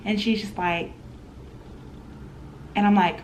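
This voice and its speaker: A young woman in her twenties telling an animated storytime in a home vlog, chatty and full of laughs. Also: lowish voice, brisk, slight background noise. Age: 20s. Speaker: vlogger.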